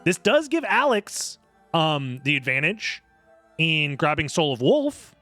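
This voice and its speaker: A young man casually commentating a live video game tournament in a rambling, jokey, excitable way. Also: a little high, takes it slowly, soft background music.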